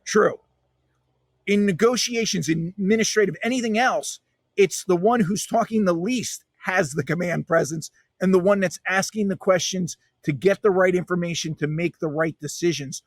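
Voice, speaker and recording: A man's voice: high-pitched, normal speed, dry recording. A man, a guest author in a podcast interview, talking in an emphatic, punchy storytelling way.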